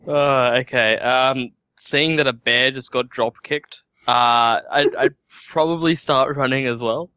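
Hesitant man with a bright, dry voice. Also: mid-range voice, steady tone, a little slow, few pauses, clear, resonant tone, no echo. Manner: hesitant, full of ums and likes. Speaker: player. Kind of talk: tabletop game play.

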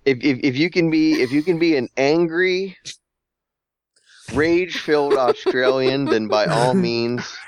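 A man's voice: mid-range voice, no echo, studio quality. A man running a tabletop game as game master, talking casually with frequent restarts and repeated words. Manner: halting, repeats words, searches for phrasing. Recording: dull, lo-fi sound.

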